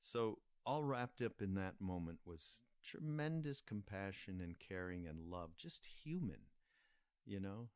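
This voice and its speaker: An older man hosting a podcast, recalling a story in an unhurried, reflective way and pausing often with fillers. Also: low voice, expressive, darkish tone, smooth, no echo. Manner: unhurried, halting with many fillers. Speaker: podcast host.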